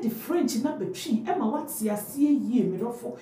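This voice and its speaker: A woman with a Ghanaian accent teaching French phrases to Twi speakers, drilling each phrase slowly and repeating it. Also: a little high, recorded from a distance, slight background noise. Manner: lively, drawn-out repetition of phrases. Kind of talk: language lesson, repeat-after-me drills. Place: France. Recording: echoey room, off mic, faint ambience.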